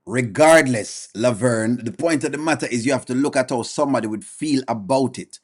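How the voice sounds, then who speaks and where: A man's voice: mid-range voice, fairly quick. Blunt man commenting live. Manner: blunt, addresses chat viewers by name; emphatic, repeats points. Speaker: host of a reaction stream. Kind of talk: casual commentary.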